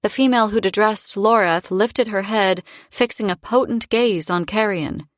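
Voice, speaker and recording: A woman narrating a fantasy audiobook in first person, with a measured, expressive reading. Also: mid-range voice, dry recording, studio quality.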